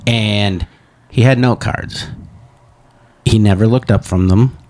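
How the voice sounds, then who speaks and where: A man's voice: fairly low pitch, slow, a little mellow, slight background noise. A man co-hosting a comedy podcast, chatting loosely, laughing a lot and slipping into goofy voices at a desk mic. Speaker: podcast co-host. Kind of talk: casual chat. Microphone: studio desk microphone.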